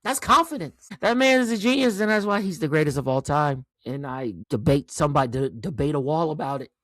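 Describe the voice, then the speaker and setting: Animated, profane man in his forties. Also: a little high, fairly quick, no echo, clean studio sound. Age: 40s. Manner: animated, profane, emphatic with rhetorical "right?". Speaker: host. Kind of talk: casual commentary monologue.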